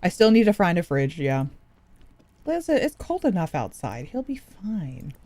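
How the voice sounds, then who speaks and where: A woman's voice: lowish voice, very animated, normal speed, a little mellow, no echo. A woman streaming a video game, chatty and giggly, thinking aloud. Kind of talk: casual game commentary.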